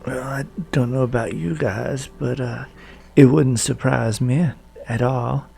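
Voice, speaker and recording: Slow, gravelly man commenting on a game. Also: medium pitch, fairly even intonation, mellow. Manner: folksy, chatty, talks to viewers. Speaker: gaming video host. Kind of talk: casual game playthrough commentary.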